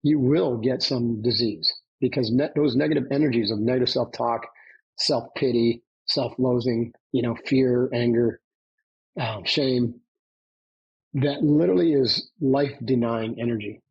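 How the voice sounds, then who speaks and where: A man's voice: mid-range voice, fairly even intonation, measured pace, husky, muffled recording. A man speaking as a podcast guest, a former Navy SEAL, telling his story in an emphatic coaching tone and often checking in with "right?". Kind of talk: conversational storytelling.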